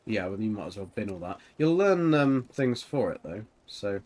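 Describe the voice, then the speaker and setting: A man's voice: lowish voice, sing-song, normal speed, darkish tone. A man streaming a game and chatting casually with a teammate, rambling with lots of fillers and giggles. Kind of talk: casual chat while gaming.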